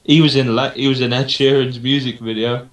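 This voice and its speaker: A man's voice: mid-range voice, level tone, a little fast. A young man co-hosting a casual podcast, rambling and unsure, thinking aloud with lots of ums. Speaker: podcast co-host. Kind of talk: casual chat. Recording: roomy home recording.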